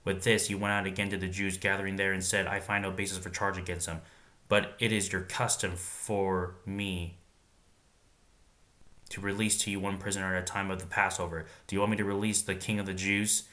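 A man with a deep, bright, forceful voice reads Bible passages aloud in a flat delivery. He pauses now and then to muse informally and wonder aloud about what they mean, acting as both reader and commentator.

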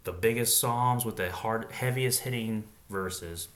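A man's voice: fairly low pitch, unhurried, a bit bright. A man reading Bible verses aloud in a casual way, breaking off now and then with slangy comments of his own.

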